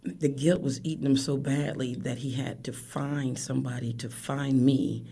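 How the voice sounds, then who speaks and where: A woman in her fifties, a grieving mother, tells her story emotionally, her voice cracking and often falling to a hushed whisper. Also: extremely low pitch, fairly even intonation, normal speed, gravelly, husky. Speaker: guest, bereaved mother. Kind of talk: emotional personal account.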